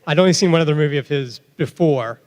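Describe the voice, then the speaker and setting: A hesitant man asking a question from the audience, his voice a little high. A long reverb from a convention hall trails after it. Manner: hesitant, halting.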